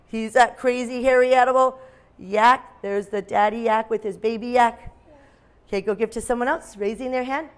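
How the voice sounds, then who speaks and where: A woman teacher leading a phonics lesson for young children, speaking in an animated, sing-song way and breaking into dramatic shouts. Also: fairly high pitch, moderate pace.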